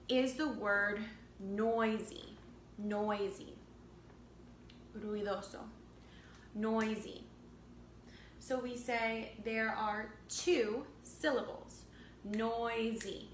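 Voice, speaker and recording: A woman teaching an English lesson, speaking slowly and deliberately, repeating each word and translating it into Spanish. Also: fairly high pitch, fairly bright tone. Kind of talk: slow bilingual language lesson. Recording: echoey room with faint background noise.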